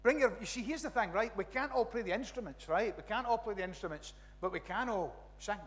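A man with a West Coast Scottish accent preaching a conversational sermon as a pastor, animated and rambling, full of restarts and "you know, right?" asides. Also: high voice, fairly quick, in a large hall. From Scotland. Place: church.

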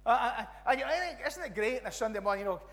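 A man with a West Coast Scottish accent preaching a conversational sermon as a pastor, animated and rambling, full of restarts and "you know, right?" asides. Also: extremely high pitch, fast, in a large hall. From Scotland. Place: church.

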